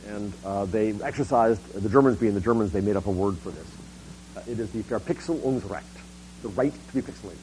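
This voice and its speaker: A man's voice: fairly low pitch, brisk, darkish tone, slight background noise, low-quality recording. A middle-aged man gives a public talk on internet policy. He speaks emphatically, often restarting and repeating words.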